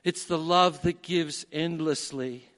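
A man preaching a sermon, measured at first and building to emphatic peaks. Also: on the high side, fairly bright tone. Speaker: pastor.

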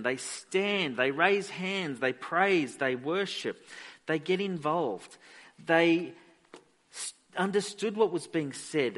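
A man's voice: a little high, fairly bright tone. A man preaching a sermon as pastor, emphatic and repeating phrases for weight.

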